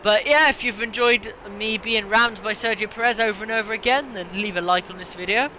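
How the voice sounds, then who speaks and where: A man's voice: sits high, brisk, sharp tone. A man hosting a racing game video, ranting and swearing in frustration. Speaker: gaming channel host. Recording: game engine noise behind voice. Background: racing car engine noise.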